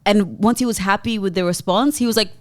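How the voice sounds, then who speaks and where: A woman's voice: medium pitch, fast, no echo. An Australian woman, a podcast co-host, telling a story in casual chat, acting out the people in it. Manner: animated storytelling with acted-out quotes. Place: podcast studio.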